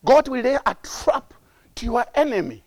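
A man's voice: extremely high pitch, very animated, moderate pace, no echo. A male preacher giving an emphatic sermon, repeating his phrases, laughing often and acting out crying prayers.

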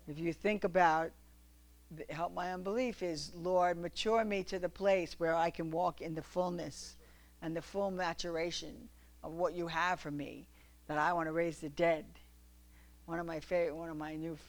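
A preacher reading scripture aloud and telling lively stories to a congregation, often laughing. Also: female voice, low voice. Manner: animated, laughing storyteller.

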